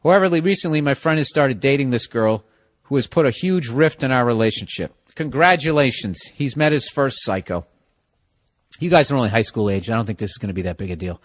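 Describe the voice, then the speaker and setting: A blunt, foul-mouthed male podcast host rants comic advice at a listener, his voice sitting in a middle register. He keeps swearing and hammering his points home with loud, emphatic bursts. The sound is close and dry, with no room echo. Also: mid-range voice, expressive, fairly quick. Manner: profane, blunt, rising to loud emphatic outbursts. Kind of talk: comedic advice rant reading a listener letter.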